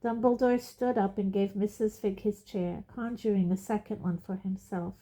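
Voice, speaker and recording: A woman reading a novel aloud in a steady narrating voice. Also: mid-range voice, moderate pace. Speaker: audiobook reader. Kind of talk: storybook narration.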